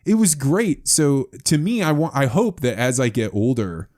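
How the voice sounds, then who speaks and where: A man hosting a podcast interview, telling stories in an animated, conversational way. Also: mid-range voice, normal speed. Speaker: podcast host.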